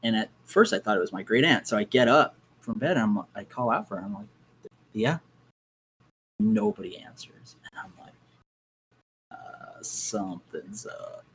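A young man, a podcast guest, telling his own ghost experiences in a casual, animated way and acting out his reactions. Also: fairly low pitch, moderate pace, slight background noise, rough recording.

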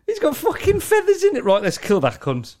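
A man's voice: very high voice, wildly swooping pitch, brisk, darkish tone. A man co-hosting a casual podcast chat, sweary and laughing a lot, often mimicking voices in quotes. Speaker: podcast co-host.

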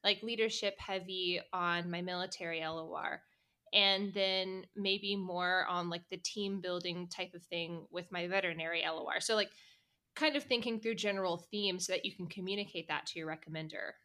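A young woman co-hosting a casual advice chat, talking in an animated, self-deprecating way. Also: on the low side, moderate pace. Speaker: co-host.

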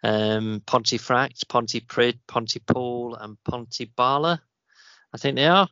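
Bright-voiced, rambling male co-host. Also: medium pitch, unhurried, no echo. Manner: rambling, storytelling, easygoing. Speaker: podcast co-host. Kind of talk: casual chat. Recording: slightly dull, dry sound.

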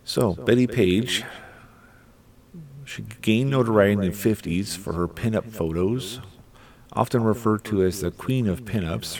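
A man's voice: fairly low pitch, creaky, darkish tone. A middle-aged man hosting a podcast, rambling through casual solo commentary with irreverent, crude asides. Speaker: podcast host.

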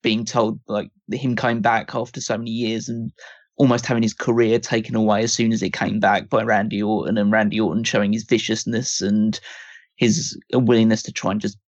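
Male podcast co-host, lower voice, critical and rambling, muffled dry recording. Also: little pitch movement, brisk, no room sound. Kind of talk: casual podcast chat.

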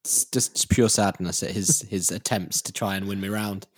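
A man co-hosting a sports podcast, explaining at length in a measured, firmly contrarian way. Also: on the low side, fairly even intonation, breathy edge, no echo, clean studio sound. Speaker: podcast co-host. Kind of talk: casual sports chat.

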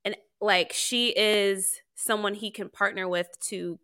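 A woman co-hosting a podcast, chatting with expressive energy and a ready laugh. She slips into quoted lines of dialogue as she talks. Her voice has a bright, clear ring. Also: mid-range voice, slow. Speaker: podcast co-host. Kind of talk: casual chat.

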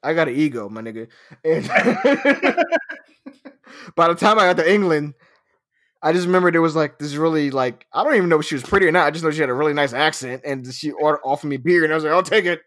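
A man's voice: a little high, lively intonation, quick pace, fairly bright tone. A man in his thirties telling a story in casual chat, swearing often and laughing as he talks. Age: 30s. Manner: profane, laughing anecdote telling.

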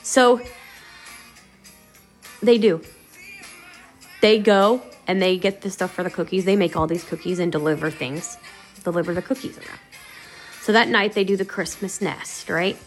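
A woman's voice: on the low side, moderate pace, long pauses, soft background music. A woman podcast host casually retelling a radio episode in a rambling, conversational way. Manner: rambling, conversational, many "you know" fillers.

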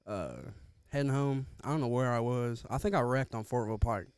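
Fast-talking young man telling rough stories. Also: mid-range voice, a little mellow, no room sound. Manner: rambling, profane, loose slangy storytelling. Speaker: podcast co-host. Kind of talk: casual storytelling.

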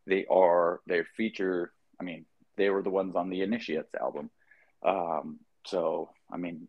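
A man co-hosts a podcast, chatting casually and telling loose, profane stories packed with fillers. His voice sits low. The audio is dull, with no echo.

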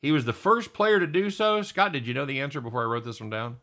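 A middle-aged man hosting a sports talk show, excitable and chatty, often calling his co-host by name. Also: mid-range voice, fast.

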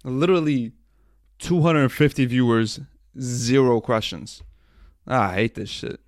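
On his livestreamed podcast, a young host swears, vents his frustration and mocks himself in casual talk. The delivery is unhurried and medium in pitch, with clean studio sound and no room noise.

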